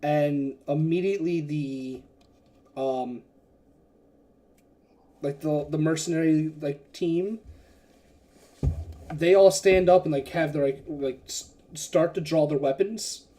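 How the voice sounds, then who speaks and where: Rambling, mellow-voiced game master. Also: mid-range voice, slow pace, long pauses. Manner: rambling, filler-heavy, casual. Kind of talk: narrating a tabletop game.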